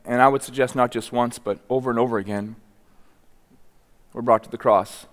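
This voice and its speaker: A male pastor delivers a sermon in an earnest, searching way, doubling back on his words as he builds a thought. His voice sits at an ordinary middle pitch, and a long reverb carries it through the church hall. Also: fairly even intonation, normal speed. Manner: earnest, repeats and restarts words. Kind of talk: sermon with scripture reading. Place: church sanctuary.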